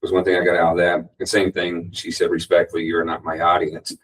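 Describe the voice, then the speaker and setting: A man speaking casually on a discussion panel, conversational and animated when quoting others. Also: low voice, fairly quick, recorded from a distance, a little hiss or hum, rough recording.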